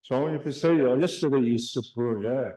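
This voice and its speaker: A man teaching a classroom language lesson. He speaks slowly, drills words and has the class repeat them. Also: medium pitch, dark tone, echoey room, rough recording. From Canada.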